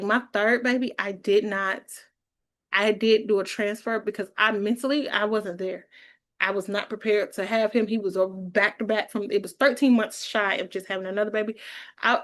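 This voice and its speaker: Chatty woman telling a story. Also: medium pitch. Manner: chatty, animated, laughs while telling. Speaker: vlogger. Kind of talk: casual storytelling vlog.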